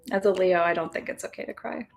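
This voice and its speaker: A woman's voice: on the low side, gravelly. Chatty woman leading a live moon ritual. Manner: chatty, joking, laughs often, talks to viewers directly. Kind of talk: casual live-stream talk. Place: indoors, burning sage.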